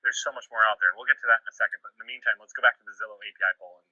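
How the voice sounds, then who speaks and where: A man's voice: on the low side, fairly even intonation, very fast, pushed and bright, husky, no room sound, dull audio. A man hosting a live-streamed interview, steering the talk with follow-up questions and easy laughs. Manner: guiding, asks follow-ups, laughs easily. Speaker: host.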